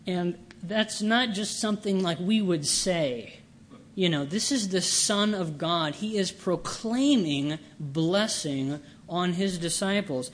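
Guy preaching a sermon real slow and earnest, kinda high voice. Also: slight background noise.

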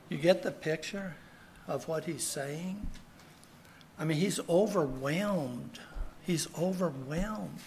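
A pastor with a fairly high voice preaches an earnest sermon, repeating key phrases for emphasis. There is slight background noise.

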